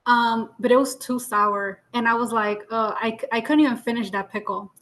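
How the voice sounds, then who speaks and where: A woman's voice: fairly high pitch, fairly even intonation, moderate pace, fairly bright tone. A woman in casual chat, laughing often and telling anecdotes with fillers and Spanish words.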